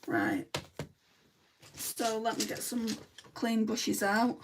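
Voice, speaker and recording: A woman's voice: a little high, big pitch swings, takes it slowly, long pauses, slight background noise. Chatty Lancashire woman with a distant mic. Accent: Lancashire English. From Lancashire, England. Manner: chatty and blunt. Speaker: beauty vlogger. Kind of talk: casual makeup livestream chat, answering viewer comments.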